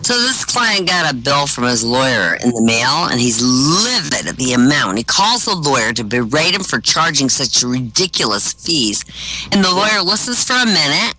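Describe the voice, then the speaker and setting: A man doing stand-up, telling one-liners and short jokes with deadpan punchlines over voice chat. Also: mid-range voice, moderate pace, slight background noise, rough recording. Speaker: stand-up comic. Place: virtual-world comedy venue, voice chat.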